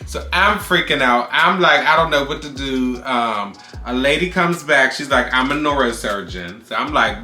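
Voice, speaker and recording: Animated male vlog co-host, sharp bright tone, roomy echo. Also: on the high side, a little slow, soft background music. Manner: animated, loud yelps when reenacting. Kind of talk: casual storytime chat.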